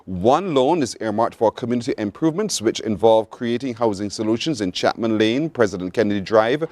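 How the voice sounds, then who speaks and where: Barbadian man, morning show host, animated pitch, dry close sound, playful drawn-out teasing. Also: no echo. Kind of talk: live call-in word game and news read.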